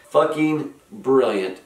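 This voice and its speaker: A man's voice: mid-range voice, darkish tone, far from the mic. A middle-aged man telling comic stories in a dry, grumpy, sardonic way. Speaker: comedic storyteller host. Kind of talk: deadpan comic retail storytelling. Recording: roomy echo, from off-mic.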